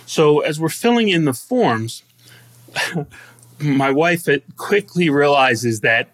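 A man's voice: medium pitch, animated, unhurried, a bit bright. A middle-aged man co-hosting a podcast, telling personal stories in casual chat with jokes and frequent laughs. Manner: joking, self-deprecating storyteller who laughs often. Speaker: podcast co-host.

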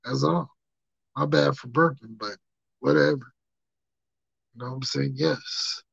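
Gravelly, laughing podcast host. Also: male voice, mid-range voice, unhurried, long pauses, fairly bright tone, dry recording, lo-fi sound. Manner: laughing, loose, fillers like "you know what I'm saying". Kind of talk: rambling solo podcast talk.

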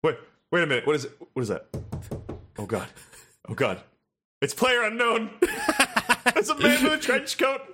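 Lively high-voiced man, amused. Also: normal speed, pauses often, soft background music. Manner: amused, chiming in with laughing asides. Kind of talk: casual chat.

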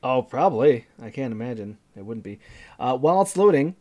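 A man in his thirties, co-hosting a casual gaming podcast and walking through how a game plays, step by step and with animated energy. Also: mid-range voice, a little fast. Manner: animated, explains games step by step. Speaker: podcast co-host.

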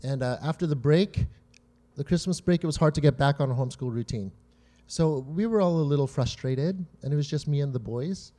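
A man's voice: fairly high pitch, a little fast, mellow. A man preaching a conversational sermon, often checking in with "right?" and "you know?" and drawing on his own family stories. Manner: tells personal family stories to make points.

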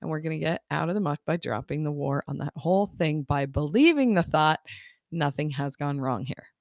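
A woman's voice: low-pitched, expressive, brisk, vocal fry, dry recording, clean studio sound. A woman life coach hosting her podcast in a casual, upbeat monologue, laughing often as she acts out people's thoughts.

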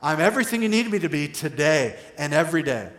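A male pastor preaching an animated sermon, shifting between loud emphatic bursts and slow, quiet phrases. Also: on the high side. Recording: echoey hall reverb.

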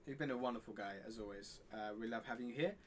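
A man's voice: medium pitch, fast, slight background noise. A young man co-hosting a podcast in casual chat, rambling and self-deprecating, often laughing. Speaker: podcast co-host.

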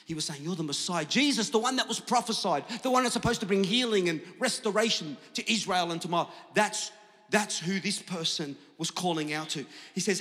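High, bright-voiced pastor preaching loudly. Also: male voice. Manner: impassioned preaching, shifts from hushed to shouting. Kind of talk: sermon. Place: large church hall. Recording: church hall with long reverb.

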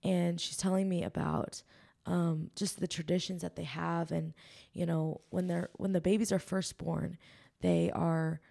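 A woman with a fairly low voice and a gravelly, creaky edge shares a personal faith testimony as a podcast guest. She talks in an earnest, emotional way, rambling through ums and likes as she goes. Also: little pitch movement, measured pace, mellow.

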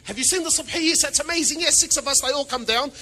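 A man preaching a sermon, animated and joking, firing rhetorical questions and mixing in Arabic phrases. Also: very high-pitched, fast talker. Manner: peppers speech with Arabic phrases. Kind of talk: sermon to a congregation.

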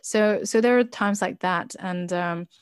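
A woman's voice: fairly low pitch, a little slow, smooth, no room sound, studio quality. Earnest woman telling personal stories. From Chinese heritage. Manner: earnest, reflective, many fillers and restarts. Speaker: interview guest, business founder. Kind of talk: candid personal interview.

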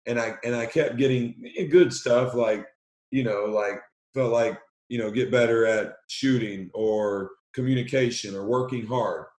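Energetic male coach in an echoey room. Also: medium pitch. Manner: energetic, talks fast and excitedly, repeats words. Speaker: basketball coach, guest. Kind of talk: podcast conversation.

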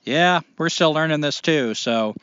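A man's voice: fairly high pitch, unhurried, fairly bright tone, clear, resonant tone, highs cut off. Rambling, earnest male podcast host. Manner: rambling, earnest, with frequent fillers. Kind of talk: casual podcast chat.

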